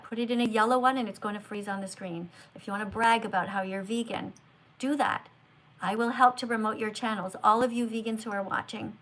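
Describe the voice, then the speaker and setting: Woman, higher-pitched voice, livestream host, emphatic, earnest, lecturing, phone mic. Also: a bit bright. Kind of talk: live-stream talk to viewers.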